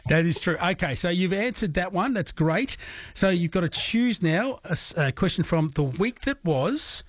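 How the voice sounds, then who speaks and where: A man's voice: high voice, expressive, moderate pace, no room sound, clean studio sound. An Australian man hosting a late-night radio quiz, friendly and chatty with callers. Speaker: radio host. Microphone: studio microphone.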